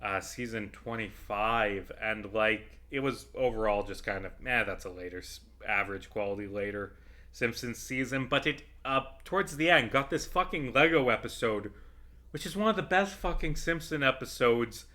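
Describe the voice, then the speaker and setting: Guy with a sharp bright voice talking over his gameplay, rambly, cusses a ton, gets worked up fast. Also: mid-range voice. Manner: rambling, profane, swings into heated ranting. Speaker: vlogger playing a video game. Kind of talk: casual gameplay commentary.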